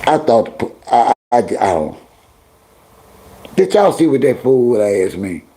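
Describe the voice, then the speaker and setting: Gravelly middle-aged man scolding his chat. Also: medium pitch, sing-song, slow, mellow. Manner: talks straight to viewers and chat, scolding; heavy slang, drawling repetitions. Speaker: livestream host. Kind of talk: casual livestream commentary.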